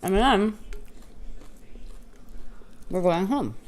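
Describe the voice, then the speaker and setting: A woman's voice: medium pitch, very animated, extremely slow, darkish tone. A woman vlogger telling a casual story while eating, rambling and acting out both sides of a conversation with lots of "I'm like" and "he's like.". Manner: rambling, quotes herself and others with "I'm like" and "he's like"; chatty filler-heavy talk with restarts. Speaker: mukbang vlogger.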